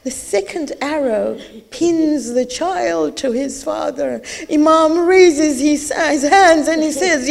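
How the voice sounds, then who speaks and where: A middle-aged woman preaches with a high, clear voice, telling a sacred story with intense feeling. Her delivery swells into tearful, pleading passages and drops to hushed lines. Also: slow. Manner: emotional storytelling, rising to tearful pleas. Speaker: religious speaker. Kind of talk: sermon.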